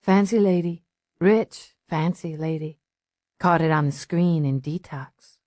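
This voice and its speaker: A strung-out albino street junkie drifts through her words in a slow, dreamy sing-song, as a woman narrator puts her on. The voice sits fairly low and the audiobook sound is dry and close. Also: darkish tone, dry recording. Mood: drawling, evasive. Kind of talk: audiobook character voice.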